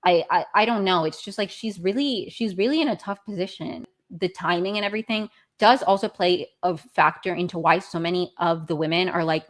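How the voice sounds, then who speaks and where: A woman's voice: fairly low pitch, fairly quick, few pauses. A young woman hosting a podcast, recapping a reality show in a rambling, self-correcting way, with exasperated outbursts. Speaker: podcast host.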